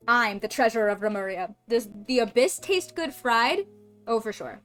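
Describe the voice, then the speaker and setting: Goofy high-voiced woman streamer. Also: lively intonation, moderate pace, a bit bright, soft background music. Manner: goofy, swears, riffs with chat. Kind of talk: casual gameplay chat.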